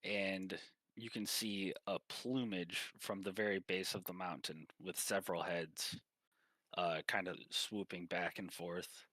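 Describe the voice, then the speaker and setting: A man's voice: deep voice, steady tone, measured pace, bright, forceful tone, no echo. A man running a tabletop game, narrating in a casual, rambling way. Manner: casual, rambling, full of fillers. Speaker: game master.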